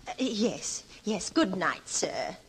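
A woman's voice: mid-range voice, very animated, takes it slowly, background noise. An actress playing a timid, eager-to-please landlady who stammers in flustered deference, in an old-time radio drama.

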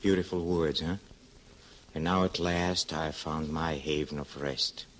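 A man's voice: very deep voice, steady tone, unhurried. An actor playing a stern, pious male lodger who stammers and hesitates, then turns sharply severe, in an old-time radio drama.

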